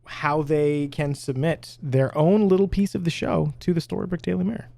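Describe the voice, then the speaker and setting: A woman's voice: low voice, steady tone, moderate pace, gravelly, dark tone, no room sound. A woman co-hosting a casual podcast, talking in a rambling, giggly way with lots of fillers. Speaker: podcast co-host.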